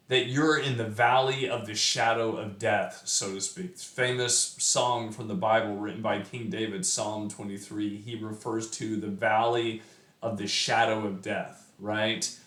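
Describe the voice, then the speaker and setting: A man's voice: fairly low pitch, a bit bright. A man explaining a poem line by line in a casual, conversational way, with many fillers and asides. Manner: conversational, chatty with fillers and frequent "right?". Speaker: poetry teacher. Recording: roomy echo.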